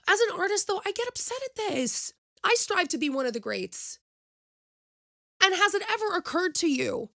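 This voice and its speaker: A woman's voice: a little high, vocal fry, fairly bright tone, no room sound, clean studio sound. A young woman hosting her own podcast, giving passionate opinionated commentary and speaking straight to her listeners. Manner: impassioned, preachy, addresses listeners directly. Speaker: podcast host.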